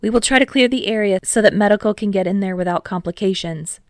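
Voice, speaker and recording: A woman voicing an earnest young male hero who explains plans in a steady, reassuring way. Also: medium pitch, fast, dry recording, clean studio sound, natural voice.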